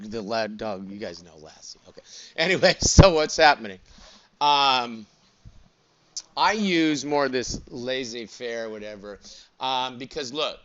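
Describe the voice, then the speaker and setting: A man lectures a classroom with a bright, forceful voice, prodding students with quick "what?" and "right?" checks. He talks casually, wandering into jokes and side stories. The recording is dull and lo-fi, as if captured in the back of the room. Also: medium pitch. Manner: chatty, digressive, joking asides. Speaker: college instructor.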